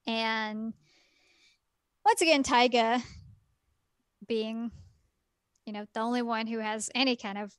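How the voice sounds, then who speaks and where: A woman on a podcast, casually retelling a story. She fills her talk with "like" and "um" and breaks in with quick laughs and exclaimed asides. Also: a little high, fairly even intonation, clean tone, no echo. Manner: chatty, filler-heavy retelling with lots of "like" and "um". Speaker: podcast co-host reviewing a game.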